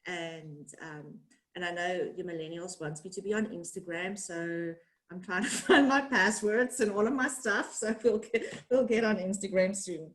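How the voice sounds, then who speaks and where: A South African woman, her accent tinged with American, speaks casually as a webinar guest, chatty, laughing and self-deprecating. Her voice is lowish and her pace moderate. The recording, made over a video call, is rough.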